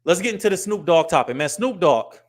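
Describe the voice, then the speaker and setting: An American man in middle age, speaking as host in loose, lively commentary. His voice sits a little high for a man, and he slips into put-on voices to show how people talk. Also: brisk. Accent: US English. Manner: animated, acts out street and business voices. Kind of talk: casual commentary to camera.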